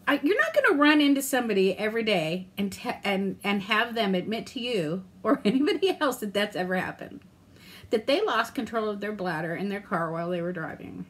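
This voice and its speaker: A middle-aged woman vlogging in a casual, candid and rambling way, self-deprecating, with mild cursing and lively swings in tone. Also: medium pitch. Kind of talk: casual chat to camera.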